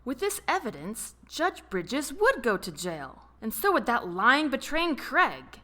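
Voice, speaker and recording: A woman narrating an audiobook in a slow, expressive storytelling manner. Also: fairly high pitch. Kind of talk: scripted narration.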